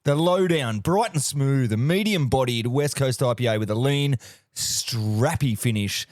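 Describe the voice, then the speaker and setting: A man's voice: medium pitch, a little slow, a little mellow, dry recording. Australian male co-host, larrikin mock-serious ad delivery, dry studio sound. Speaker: podcast co-host reading ads. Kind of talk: joking ad read.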